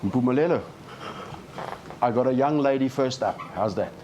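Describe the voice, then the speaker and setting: A man's voice: mid-range voice, moderate pace, background noise. A man moderating a live panel discussion and giving advice to young people. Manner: animated, lecturing advice.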